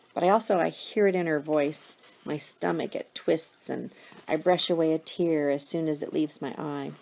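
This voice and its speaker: A woman teacher reads a novel aloud to her students, telling the first-person story with expression. Her voice is lowish and gravelly. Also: dark tone. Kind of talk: reading a novel aloud to a class.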